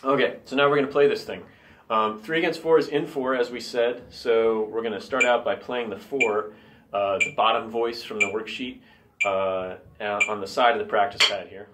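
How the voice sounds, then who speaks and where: A man teaching drums, explaining patiently step by step and counting beats out loud. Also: lowish voice, fairly even intonation, moderate pace, noisy background. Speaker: drum teacher. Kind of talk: instructional explanation.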